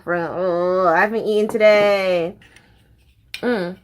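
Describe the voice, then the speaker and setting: A woman's voice: mid-range voice, moderate pace, slight background noise. A young woman chatting casually to camera as a vlogger, bubbly and chatty, swearing freely.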